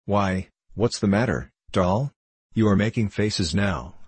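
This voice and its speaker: A man's voice: on the low side, takes it slowly, breathy edge, no room sound. Man reading as a hearty old locksmith. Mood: teasing. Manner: hearty, teasing storyteller. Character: jovial older male locksmith, good-natured father.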